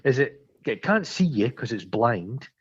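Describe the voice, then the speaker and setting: A man's voice: medium pitch, sing-song, measured pace, slightly rough. A Scottish man co-hosting a podcast, chatting crudely and jokily about a film and acting out its characters. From Scotland. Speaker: podcast co-host. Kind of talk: casual film chat. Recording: slightly dull lo-fi sound.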